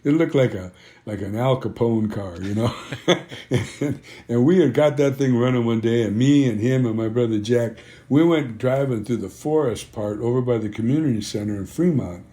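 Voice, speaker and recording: The older band founder speaks in a warm, mid-range voice at an ordinary pace. Interviewed as a guest, he tells rambling stories, filling with "you know" and dramatizing old conversations.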